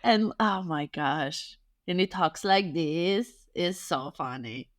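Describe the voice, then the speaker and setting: A woman's voice: on the low side, takes it slowly. A woman co-hosting a podcast in casual chat, enthusiastic and gushing, laughing often. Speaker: podcast co-host.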